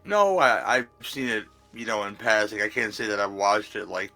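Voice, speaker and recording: A relaxed male podcast guest who often stumbles over his words. His voice is fairly low but bright and forceful, with faint music underneath. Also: normal speed. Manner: relaxed, stammering restarts. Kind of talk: casual film review chat.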